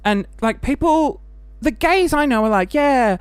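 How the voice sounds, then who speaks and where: A very high, clean-toned male voice comes through a dry recording. He's an Australian podcast host in casual chat on his own show, chatty, camp and laughing, tossing in quick bursts of mock voices.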